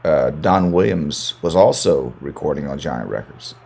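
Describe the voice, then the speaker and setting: A man's voice: extremely low pitch, lively intonation, measured pace, creaky, darkish tone, slightly rough. An American man, a country singer, chatting as a guest in an interview, rambling and repeating words as he restarts his sentences. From United States. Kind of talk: casual interview chat.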